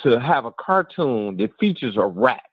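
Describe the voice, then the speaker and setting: A man's voice: medium pitch, normal speed, breathy edge, dry recording, dull audio. A middle-aged man telling a personal story on a talk radio show, acting out the voices of the people in it. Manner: animated, acts out voices in his story.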